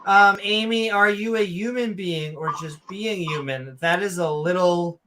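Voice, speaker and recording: A man with a Northeast US accent, co-hosting a casual podcast in a rambling, animated way with many ums. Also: high-pitched, a little slow, noisy background. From Philadelphia area. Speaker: co-host.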